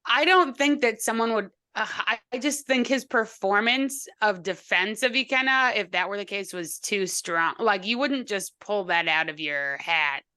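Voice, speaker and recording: Bright lively woman, dry sound. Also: mid-range voice, moderate pace, hardly any pauses, smooth, no echo. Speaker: podcast co-host. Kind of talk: casual chat.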